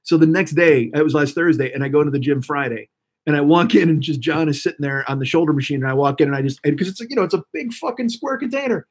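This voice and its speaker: Fast-talking husky man. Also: a little high. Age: 40s. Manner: profane, rambling, often restarts mid-sentence. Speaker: live streamer. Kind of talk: casual rambling chat to a live audience.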